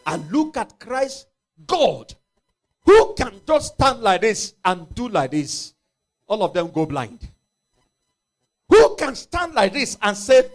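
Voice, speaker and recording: Impassioned high-voiced male preacher. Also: sing-song, measured pace, pauses often. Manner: impassioned, dramatizing scripture with acted voices. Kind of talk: sermon.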